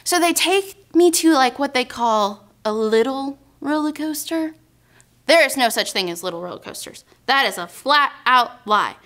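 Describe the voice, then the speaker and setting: Very high-voiced young woman telling a story. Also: moderate pace. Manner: animated, dramatic storyteller addressing kids as "guys". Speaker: children's ministry speaker. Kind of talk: storytelling devotional talk for kids.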